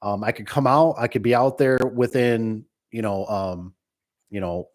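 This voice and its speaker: A man's voice: fairly low pitch, unhurried. A man who runs a garage door business, giving casual, rambling advice and acting out little exchanges with customers. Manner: rambling, folksy, acts out dialogue.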